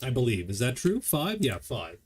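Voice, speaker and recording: A man's voice: medium pitch, wildly swooping pitch, normal speed, slightly rough. A man casually commenting as he plays a board game solo, explaining the rules as he goes. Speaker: board game player streaming a solo playthrough.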